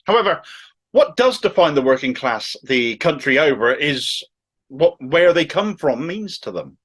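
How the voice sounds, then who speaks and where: Middle-aged Cornish man, thick accent, pitched a bit high; opinionated video commentator with mocking, sarcastic asides. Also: big pitch swings, measured pace, a bit bright, breathy edge. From Cornwall. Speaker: political commentator. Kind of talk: opinionated political commentary to camera.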